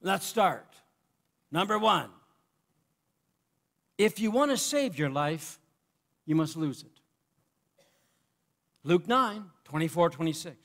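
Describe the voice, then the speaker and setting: A man preaching a sermon, passionate, swinging between loud cries and quiet asides. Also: on the high side, expressive, takes it slowly, gravelly, pauses often.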